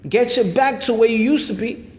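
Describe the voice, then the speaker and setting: A boxing channel host rants in fired-up, emphatic commentary, hammering the same points again and again. His very high-pitched voice is a little mellow, moves at normal speed, and rings with a long reverb.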